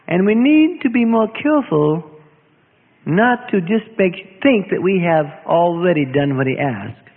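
A man preaching a sermon in an earnest, searching way, often repeating his words and dropping from loud to hushed. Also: high-pitched, husky. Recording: tinny phone-like sound with long hall reverb.

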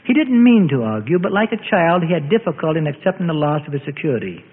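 A man's voice: on the high side, sing-song, fast, a little hiss or hum. A man narrating a Bible story in a solemn scripted style, with old-fashioned phrasing. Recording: tinny phone-like audio with long reverb.

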